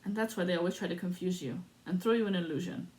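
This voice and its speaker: A woman's voice: lowish voice, quick pace, darkish tone. A woman giving a solo spiritual card reading to camera, dramatic and sassy, with salty asides. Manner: dramatic and sassy, swearing and breaking into sung lines. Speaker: tarot reader.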